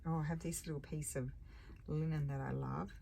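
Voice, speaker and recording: A woman's voice: deep voice, steady tone, normal speed, warm tone. A woman musing and thinking aloud as she narrates a casual crafting session at her table, correcting herself as she goes. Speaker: crafting vlogger. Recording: clear background noise with crafting clicks.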